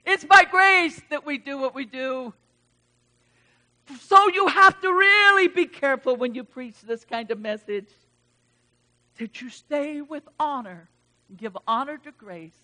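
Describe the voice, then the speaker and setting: A middle-aged woman pastor delivering an impassioned sermon. Her voice sits high and sounds bright and ringing. She speaks slowly, letting her lines swell loud and then fall quiet. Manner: impassioned preaching, swelling and dropping in volume.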